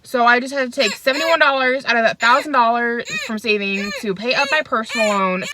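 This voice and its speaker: A woman's voice: fairly high pitch, brisk, background noise. Young woman vlogger, casual phone-recorded rant, chatty and frustrated. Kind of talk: casual vlog chat.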